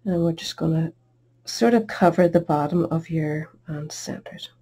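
A woman's voice: sits low, moderate pace, warm tone, slightly rough. A middle-aged woman hosting a card-making tutorial, chatty and self-deprecating as she works at her craft table. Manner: chatty, self-deprecating, talks while working.

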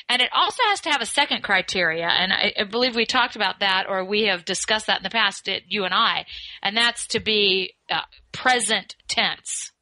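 Bright, dry-voiced woman coaching. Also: a little high, no echo, rough recording. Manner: coaching, slows down to stress key phrases. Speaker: communication skills expert guest. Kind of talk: podcast interview.

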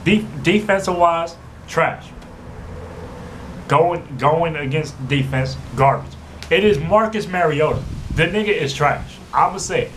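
In a low-quality recording with faint background noise, a young sports fan vlogger heatedly rants about his football team. His voice is fairly high and a bit bright at a measured pace, and he swears nonstop while repeating fillers like "you know what I'm saying."

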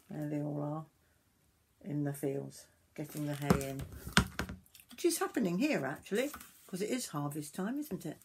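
An older woman reading a picture book aloud to children, gentle and stopping to point at the pictures. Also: sits low, lively intonation, normal speed, slight background noise. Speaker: storyteller grandmother.

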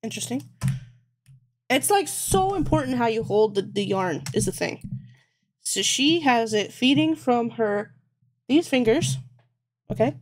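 A woman talks through her crochet project on a live stream. She thinks aloud, swears constantly and teases herself when she gets things wrong. Her voice sits a little high. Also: expressive, unhurried, long pauses. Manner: thinks aloud, swears a lot, self-mocking. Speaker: livestreamer. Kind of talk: casual live-stream chat while crocheting.

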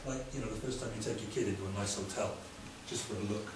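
A man from Wales preaching a sermon in a lively, conversational way with quick humorous asides. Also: fairly low pitch. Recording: echoey hall, distant from mic, faint room noise.

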